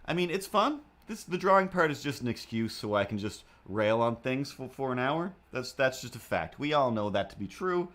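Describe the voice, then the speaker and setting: A man's voice: mid-range voice, big pitch swings, moderate pace, hardly any pauses, a bit bright. A man chatting in a rambling, playful way on a live stream while he draws, now and then slipping into silly voices. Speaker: streamer drawing comics.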